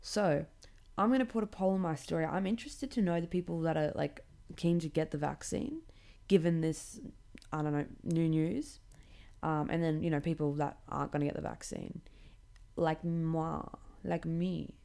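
A woman's voice: low voice, moderate pace, gravelly. A young woman hosting a podcast, ranting casually with lots of swearing, filler "like"s and sarcasm. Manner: swears a lot, many likes, animated and sarcastic. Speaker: podcast host.

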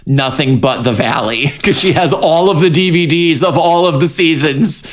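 A man co-hosting a casual podcast, recapping a TV episode with mock anger, heavy swearing and quick character voices. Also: fairly high pitch, faint music behind. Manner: profane, animated, mock-angry, doing quick character voices. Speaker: podcast co-host.

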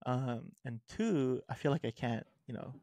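A young man with a medium-pitched voice talks through his routines in a relaxed podcast chat. He is easygoing and thoughtful, and quick to tease his co-host. The recording is dry and close. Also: no room sound. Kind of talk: casual chat.

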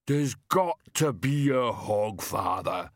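A huge, simple-minded brute of a man, as a man narrator puts him on speaks in a slow, heavy rumble, each word dragged out. The voice sounds a little farther from the mic than the narration around it, in a dry, close space. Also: animated, no room sound, heavily acted. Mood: puzzled.

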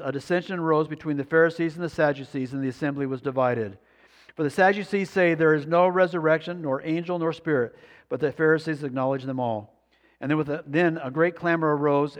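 A man's voice: fairly high pitch, in a large hall. A man preaching a sermon, reading scripture aloud and asking the congregation rhetorical questions. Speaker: pastor.

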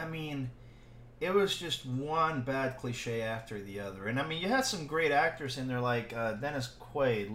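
A man co-hosting a casual movie podcast, rambling through a film recap with frequent laughs. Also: mid-range voice. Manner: rambling, laughs often, animated when joking. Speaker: podcast co-host. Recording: echoey room with faint ambient noise.

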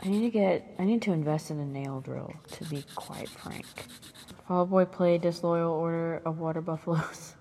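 A woman's voice: on the low side, normal speed, dark tone, long reverb tail, slight background noise. A woman in her twenties chatting casually into a close ASMR mic, rambling with lots of fillers and swearing, sometimes dropping to a whisper. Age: 20s. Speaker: ASMR creator.

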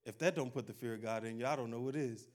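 A man's voice: medium pitch, fast talker. A man preaching a sermon in a folksy, conversational way, calling out "amen" and acting out quotes. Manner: exhorting, call-and-response preaching. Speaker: pastor.

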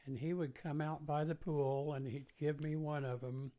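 A man co-hosting a recovery podcast, telling relaxed family anecdotes in a casual chat. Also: fairly high pitch, moderate pace. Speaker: podcast co-host.

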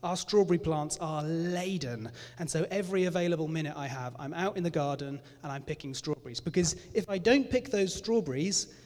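Man, sermon, candid and conversational, slightly high voice, church hall with long reverb. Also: lively intonation, fairly quick, few pauses, darkish tone. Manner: candid, self-deprecating, conversational. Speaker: preacher.

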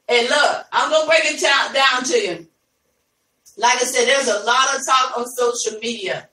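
A woman's voice: high voice, moderate pace, pushed and bright. A woman hosting a live podcast, chatting casually with listeners, calling them y'all and laughing easily. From Ohio, USA. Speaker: podcast host. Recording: echoey room, voice from a distance.

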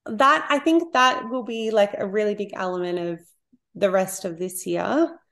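A woman's voice: medium pitch, normal speed, a bit bright. A woman guest on a podcast, talking openly and reflectively in a casual chat, with small laughs and trailing phrases. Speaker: podcast guest, creative business owner.

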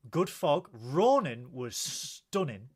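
A man co-hosting a show in casual chat, animated and talkative, reading out viewer comments. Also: medium pitch, slow, husky. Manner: chatty, animated, reads viewer comments aloud. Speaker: co-host.

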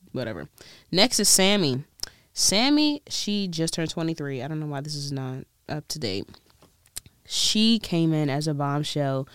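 A woman's voice: low-pitched, no room sound, clean studio sound. A woman chatting casually in a solo vlog, rambling, restarting and laughing as she goes. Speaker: vlogger.

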